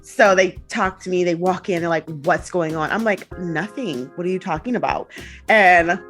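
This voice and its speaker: A young adult woman telling a personal story in a casual, animated way, acting out the quotes. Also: on the low side, normal speed, faint music behind. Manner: animated, acts out quotes with laughs and swearing. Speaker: guest.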